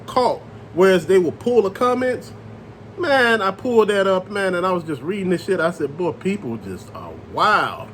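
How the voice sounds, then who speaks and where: Animated high-pitched man ranting. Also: slight background noise. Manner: loose, animated rant with slang and cussing. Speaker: channel host. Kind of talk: ranting to camera.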